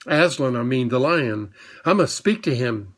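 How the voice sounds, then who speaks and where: A man's voice: mid-range voice, animated, measured pace, fairly bright tone. A man voicing an earnest, anxious young boy who speaks urgently and pleadingly.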